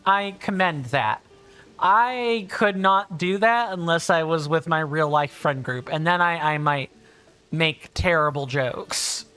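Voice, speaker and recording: A woman's voice: fairly low pitch, pushed and bright. A woman streaming a video game from her home office, chatting in a rambling, self-deprecating way. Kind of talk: casual livestream chat.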